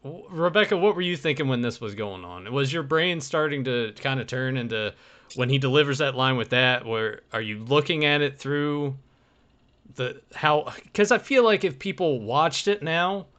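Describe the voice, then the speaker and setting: A man co-hosting a podcast, speaking in casual, halting sentences and asking questions. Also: medium pitch, animated, a bit bright, highs cut off. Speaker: podcast co-host. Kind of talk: casual chat.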